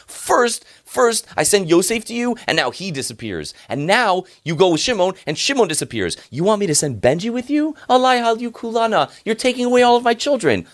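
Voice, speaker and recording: A man voicing an aged father who is furious and grieving over his lost sons, complaining in a shrill, exasperated way. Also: very animated, brisk, few pauses.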